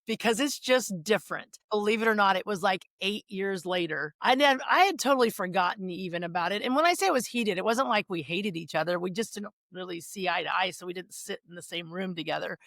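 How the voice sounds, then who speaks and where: A middle-aged woman hosting a podcast interview, telling an animated story full of acted quotes. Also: mid-range voice, a little fast, hardly any pauses, no echo. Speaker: podcast host. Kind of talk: casual interview chat.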